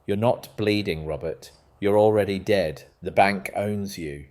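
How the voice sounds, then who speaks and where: Man reading a composed woman gardener, deep and flat, firm and matter-of-fact. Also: a little slow.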